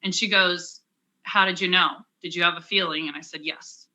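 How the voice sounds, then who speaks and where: Young adult woman, interview guest, personal story, candid, conversational, lots of fillers, very bright voice. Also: fairly low pitch, steady tone, brisk, low-quality recording. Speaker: interview guest, cancer survivor.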